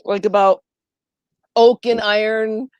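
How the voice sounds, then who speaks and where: A woman co-hosting a casual book chat, animated, often acting out the characters' lines. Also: medium pitch, takes it slowly, smooth, no echo, lo-fi sound. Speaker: podcast co-host.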